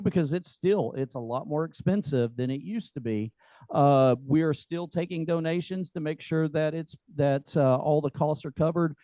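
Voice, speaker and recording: Hosting a group meeting in a meeting room, a man keeps things casual, joking and folksy with plenty of fillers. His voice is slightly high and mellow, recorded roughly without echo.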